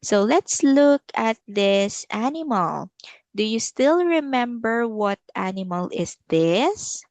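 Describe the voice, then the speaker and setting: A woman's voice: a little high, animated, slow pace, a little mellow, no echo. A woman teaching English to a child over a video call, patiently repeating words. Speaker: English tutor. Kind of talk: online English lesson for a child.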